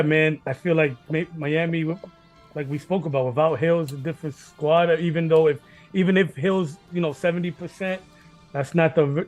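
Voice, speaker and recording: A man's voice: on the high side, darkish tone. A man hosting a casual sports betting chat, rambling, repeating himself, laughing and swearing often. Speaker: sports betting podcast host.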